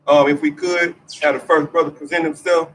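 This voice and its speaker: A man's voice: a little high, little pitch movement, brisk, fairly bright tone, slight background noise, low-quality recording. A man announcing the start of a religious service in a plain, matter-of-fact way.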